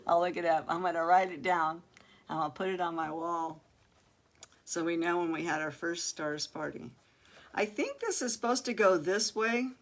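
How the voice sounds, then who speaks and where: A woman's voice: fairly low pitch, fairly bright tone. An older woman hosting a casual crafting livestream, chatting straight to her viewers, exclaiming and laughing often as she works.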